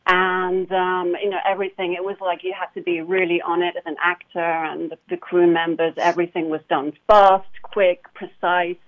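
A woman's voice: on the low side, level tone, normal speed, few pauses. A woman who acts, talking about her work in a casual interview, enthusiastic and full of fillers and restarts. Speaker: actor guest. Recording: phone line.

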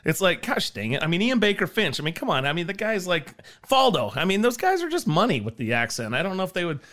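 A man's voice: high-pitched, huge pitch swings, quick pace, a bit bright. A man co-hosting a golf podcast, jokey and enthusiastic, laughing often. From Utah or Idaho, USA. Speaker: podcast co-host. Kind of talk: casual podcast chat.

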